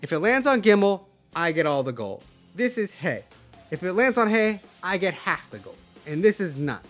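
A man voicing a clever, calm male hero who outwits goblins in a told story, speaking low and deadpan. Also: normal speed, soft background music. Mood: explaining.

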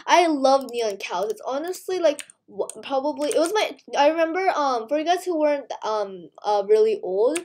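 A woman's voice: high-pitched, normal speed, few pauses. A woman hosting a gaming video, overexcited and tired, stammering and spluttering as she chats to her viewers. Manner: breathless, stammering and spluttering with excitement. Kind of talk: excited gaming vlog chat.

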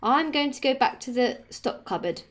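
A woman's voice: high-pitched, expressive, normal speed. Woman doing a firm, loving grandmother. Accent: English. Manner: firm yet gentle.

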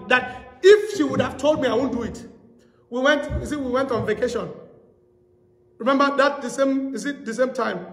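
A man's voice: very high voice, a bit bright. A man preaching a sermon as pastor, telling stories and repeating phrases for emphasis. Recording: echoey hall.

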